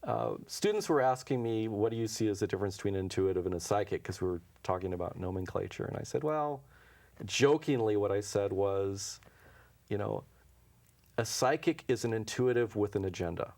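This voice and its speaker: Here a man with a lowish, gravelly, somewhat mellow voice talks briskly. He's an intuition teacher in an interview at a local TV studio, recounting anecdotes in a relaxed way, playing out the dialogue and chuckling frequently.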